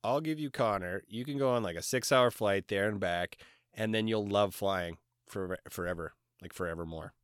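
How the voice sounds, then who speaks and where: A man's voice: fairly low pitch, normal speed, clear, resonant tone, dry recording, clean studio sound. A man in his thirties co-hosting a podcast, chatting casually with enthusiasm and a fondness for swearing. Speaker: podcast co-host. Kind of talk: casual chat.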